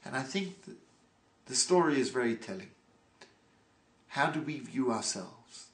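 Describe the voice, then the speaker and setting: A man's voice: medium pitch, lively intonation, a bit bright. Emphatic man preaching in an echoey room. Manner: slow, emphatic preaching with dramatic pauses. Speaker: rabbi. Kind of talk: sermon.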